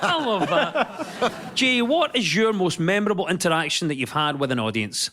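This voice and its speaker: A man hosting a comedy news quiz, reading headlines briskly and landing punchlines. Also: sits high, very animated, pushed and bright. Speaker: quiz show host. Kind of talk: scripted comic quiz hosting.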